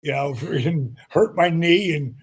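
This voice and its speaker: A man in his sixties, a retired wrestler being interviewed, telling animated stories. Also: a little high, slow pace, husky. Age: 60s. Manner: animated anecdotes, acts out quotes. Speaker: guest, retired pro wrestler. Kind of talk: storytelling interview.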